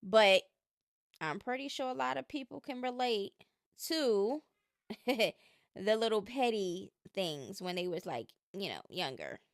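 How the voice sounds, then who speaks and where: A woman's voice: medium pitch, lively intonation, slow, no room sound, studio quality. A woman hosting a casual gossip commentary, talking in an opinionated, chatty way and drawing out her emphasis. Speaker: commentary channel host.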